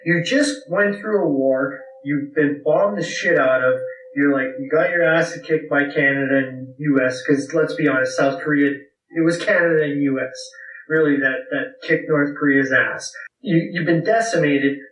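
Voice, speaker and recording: Drunk, swearing podcast co-host, a man with a slightly high voice, recorded far off in an echoey room. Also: normal speed, a bit bright. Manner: rambling, profane, laughs a lot. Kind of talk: casual chat.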